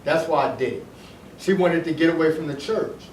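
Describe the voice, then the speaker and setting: A middle-aged Detroit man recounts his past in a loose, wandering way, often repeating himself and starting sentences over. His voice is fairly high and darkish, a little fast, and comes from far off the mic in an echoey room with faint noise.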